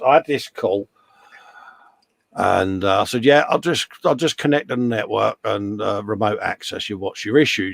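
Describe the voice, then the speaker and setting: This co-host of a live model-building stream has a lowish voice with vocal fry. He jokes and banters casually while reading the chat messages out, and the recording is dry.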